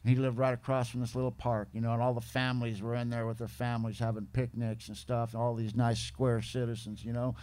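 A man's voice: medium pitch, level tone, fast talker, few pauses, darkish tone, smooth. A man giving his personal testimony at a recovery meeting, earnest and folksy in his manner.

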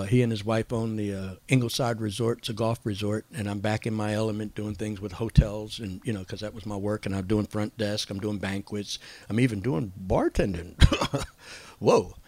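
A man telling his recovery story in a casual, rambling way, full of slang and fillers, who acts out other people's lines in a higher voice. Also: no echo. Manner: acts out quoted voices with raised pitch.

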